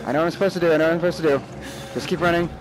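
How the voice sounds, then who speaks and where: A man's voice: a little high, fairly even intonation, rapid-fire, music in the background. A young man giving let's play commentary, jumpy and nervous, talking back to the game's characters. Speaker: gamer.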